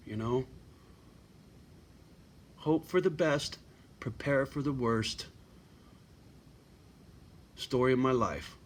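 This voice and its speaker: A man's voice: on the high side, a bit bright. A middle-aged man ranting bluntly to his viewers in a profane, surly home vlog. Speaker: vlogger. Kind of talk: profane rant to camera.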